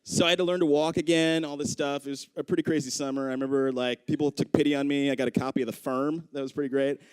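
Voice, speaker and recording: Animated comic with a clear, dry voice. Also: male voice, medium pitch, fast talker, no room sound. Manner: animated, acts out voices of people in his story. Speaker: stand-up comedian. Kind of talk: stand-up storytelling. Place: comedy club stage.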